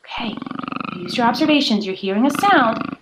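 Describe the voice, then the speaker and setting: A woman teacher recording an online lesson for children, animated and full of gasps and rhetorical questions. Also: on the high side, moderate pace, background noise.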